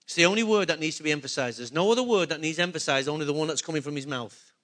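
Male preacher, high and bright, casual sermon delivery full of questions. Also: rapid-fire. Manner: conversational, asks the congregation questions. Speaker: pastor.

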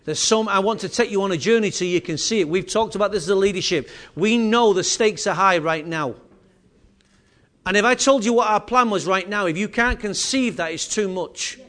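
A man pastor leading his church in a fervent closing prayer, at times speaking in tongues and rising to loud calls. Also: high voice, normal speed. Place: church sanctuary.

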